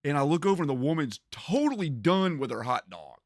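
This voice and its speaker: A gaming streamer with a lively, swinging delivery and a gravelly edge to his voice. He talks casually and laughs his way through his stories. The sound is close and dry, with no room echo. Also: fairly high pitch, brisk. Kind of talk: casual storytelling while playing a game.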